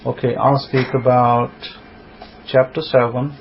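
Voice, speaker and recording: A man in the middle of a scripture lesson, reading passages aloud and then working through what they mean in loose, thinking-aloud speech. His voice sits at an ordinary middle pitch. The recording is dull and lo-fi. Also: level tone, unhurried, slight background noise. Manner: reads verses aloud and explains them, thinking aloud. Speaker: rabbi. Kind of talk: scripture teaching.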